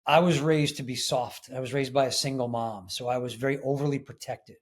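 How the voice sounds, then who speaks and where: A man's voice: medium pitch, steady tone, a little fast. A man speaking as a guest in an interview, in an earnest, emphatic way. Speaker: podcast guest. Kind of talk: casual interview chat.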